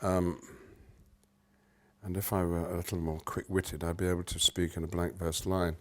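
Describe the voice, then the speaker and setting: An older man from Britain, an actor in an interview, explaining with animated swings between loud and soft and humming rhythms as he goes. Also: deep voice, moderate pace.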